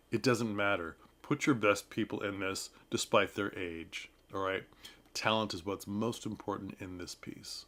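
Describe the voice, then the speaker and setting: A man's voice: fairly low pitch, fairly even intonation, measured pace, fairly bright tone. A man reviewing a play in a casual talk, chatty and advice-giving, laughing often and slipping into playful mock voices. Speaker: theater reviewer. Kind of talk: casual talking-head commentary.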